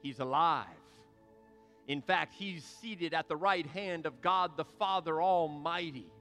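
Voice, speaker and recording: A man's voice: fairly high pitch, slow, bright, forceful tone, soft background music. A male pastor preaching a sermon in an emphatic, repetitive cadence. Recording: long reverb of a large hall.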